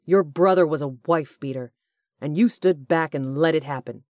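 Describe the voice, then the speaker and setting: A woman's voice: very deep voice, flat delivery, normal speed, warm tone, husky, no room sound, studio quality, exaggerated voice. A woman voicing a hot-tempered, protective male ex-Navy SEAL who speaks firmly and defiantly.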